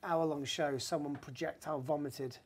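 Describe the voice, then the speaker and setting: A male stand-up comedian, a guest, telling anecdotes in casual chat in a lively way. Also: fairly high pitch, moderate pace, a crowd in the background. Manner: lively storyteller, acts out voices.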